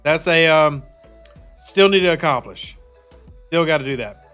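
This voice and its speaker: Upbeat high-voiced male streamer. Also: lively intonation, measured pace, a bit bright. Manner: upbeat, chatty, greets viewers by name. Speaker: game streamer. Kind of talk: casual live-stream chat. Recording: slightly dull lo-fi audio with faint music.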